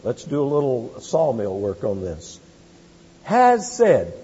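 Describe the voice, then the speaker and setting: A man preaching an expository sermon as pastor, emphatic, slowing down to stress key words and building to loud repeated phrases. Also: medium pitch, huge pitch swings, breathy edge. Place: church sanctuary. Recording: lo-fi church hall recording with long reverb.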